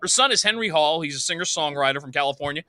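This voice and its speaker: A man's voice: on the high side, animated, fast talker, pushed and bright. A man hosting a podcast interview who talks eagerly and praises his guest. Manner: eager, enthusiastic, promotional. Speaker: podcast host. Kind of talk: interview conversation.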